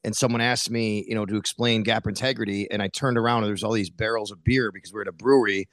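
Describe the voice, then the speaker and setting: A man's voice: fairly low pitch, fast talker, no room sound. A middle-aged man, a sports beat reporter, talking casually as a guest and telling stories animatedly, quoting himself. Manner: animated storyteller, quotes himself, many fillers. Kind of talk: casual interview talk.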